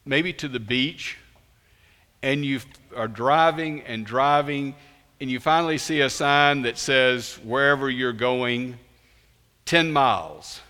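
Man, preacher, sermon, slow and emphatic, bright forceful voice, long hall reverb. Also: medium pitch, clear, resonant tone. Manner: slow, emphatic preaching with sudden loud rises.

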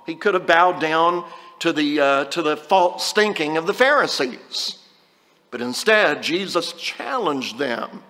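A man's voice: on the high side, expressive, takes it slowly, sharp tone, long reverb tail. A man preaching a conversational sermon, reading scripture and acting out short quotes.

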